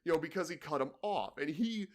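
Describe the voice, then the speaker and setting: A man's voice: fairly high pitch, expressive, fairly quick. A young man co-hosting a podcast, telling a work story in a rambling way, full of "you know" and "like". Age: young adult. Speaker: podcast co-host. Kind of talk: casual chat, telling work stories.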